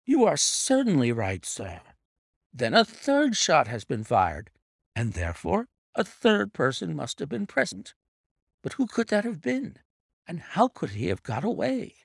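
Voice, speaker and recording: A man's voice: a little high, wildly swooping pitch, measured pace, gravelly, no echo, studio quality, voice pushed up, full character voice. A man reading an audiobook voices an eager, earnest country doctor. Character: eager middle-aged male country doctor.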